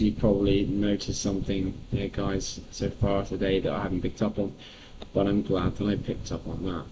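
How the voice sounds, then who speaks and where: Brief: male livestreamer, casual running commentary with sudden asides; muffled audio and a steady background hiss. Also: on the low side. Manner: thinking aloud, exclamatory asides. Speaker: property investor livestreamer. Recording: dull lo-fi sound with background noise.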